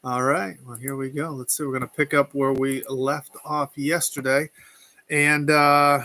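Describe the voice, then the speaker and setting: Casual male host, halting delivery with lots of ums. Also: medium pitch, little pitch movement, sharp tone, dry recording. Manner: hesitant, many fillers. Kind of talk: casual chat.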